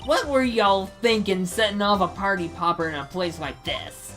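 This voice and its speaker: A woman's voice: medium pitch, lightly acted. A woman voicing a brash, touchy southern photographer with a heavy drawl, reading a game aloud over game music. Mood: scolding. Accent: American Southern. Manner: heavy drawl, scolding, quick to bristle.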